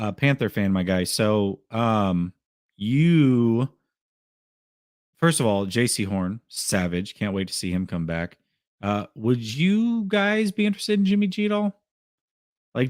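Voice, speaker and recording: A man's voice: medium pitch, no echo, clean studio sound. A man hosting a casual sports call-in show, taking callers and chatting in a laid-back, friendly way.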